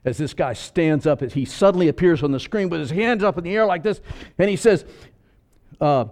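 A male pastor preaching a sermon, swinging between loud emphasis and soft asides, with joking comments along the way. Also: on the high side, expressive, brisk.

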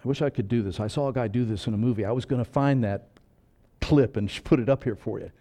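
A male pastor delivers a sermon in a fast, mid-range voice, swinging from loud emphasis to soft asides and tossing in joking comments along the way.

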